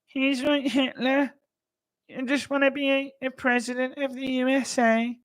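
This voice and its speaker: A shrill, mocking caricature of a politician, as a man puts it on. The voice sits very high and flat, drawn out slowly and thinly. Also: poor audio. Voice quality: thin, squeaky, drawn-out.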